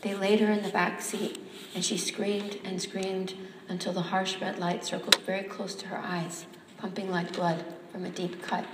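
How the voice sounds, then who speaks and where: A woman reads a story aloud to a live audience in a measured, even storytelling manner. Her delivery stays fairly flat in pitch. The sound is roomy with a long hall reverb and faint background noise. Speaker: author or reader at a reading.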